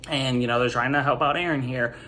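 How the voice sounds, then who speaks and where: A young man hosts a casual sports opinion segment, rambling and animated, with "like" in almost every sentence. His voice sits at an ordinary middle pitch. A faint hiss of noise runs under the recording. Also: fast talker. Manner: rambling, animated, heavy use of "like". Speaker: sports commentary host.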